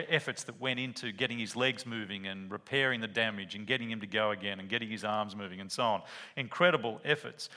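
Guy preaching a sermon, voice jumps all over, bright and forward, acts out little bits of the story. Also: medium pitch. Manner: animated storytelling with acted-out quotes.

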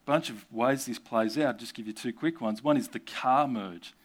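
Male preacher, mid-pitched, casual asides, keeps asking the congregation questions. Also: moderate pace, slightly rough. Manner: rhetorical questions with conversational asides. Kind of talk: sermon.

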